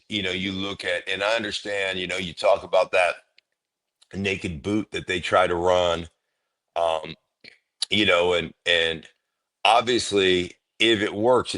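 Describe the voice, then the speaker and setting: A middle-aged man with a very low voice, a former player holding forth as an interview guest. He is emphatic and opinionated, and he acts out the voices of people he has argued with. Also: fairly bright tone. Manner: emphatic, opinionated storyteller who acts out quotes. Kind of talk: casual interview talk.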